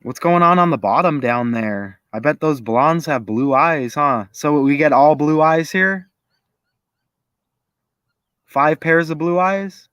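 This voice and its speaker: A man's voice: fairly high pitch, slow pace, fairly bright tone, smooth, no room sound, muffled recording. Chatty man thinking aloud to viewers. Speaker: video creator. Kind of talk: casual commentary to viewers.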